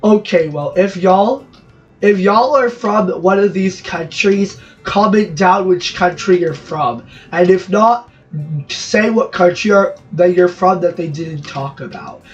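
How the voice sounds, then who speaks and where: A fairly high-voiced man from Brazil rambles through gameplay commentary, cracking jokes and cutting himself off mid-thought. His voice sounds a little distant and dull, as if from a low-fi mic, and faint music plays underneath. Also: takes it slowly. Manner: rambling, jokey, self-interrupting asides. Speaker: gaming channel host.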